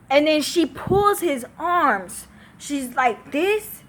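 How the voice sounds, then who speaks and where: Teen girl vlogger, unloading her grievances on camera, slow deliberate delivery, somewhat high voice, cursing emphatically. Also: animated, fairly bright tone, slight background noise. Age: teens. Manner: profane, emphatic, exasperated. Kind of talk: venting to camera.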